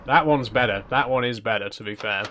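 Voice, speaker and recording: Male channel host, relaxed cozy-game commentary, self-conscious, chats with his viewers, mid-range voice. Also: medium pitch, a little fast, a little hiss or hum. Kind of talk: casual gameplay commentary.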